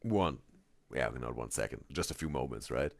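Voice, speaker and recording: Deep-voiced, gravelly, unhurried male streamer. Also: animated, no room sound, clean studio sound. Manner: halting, repeats words, reads chat aloud; drops to soft, near-whispered talk. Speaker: streamer reacting to videos. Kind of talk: live stream reaction chat.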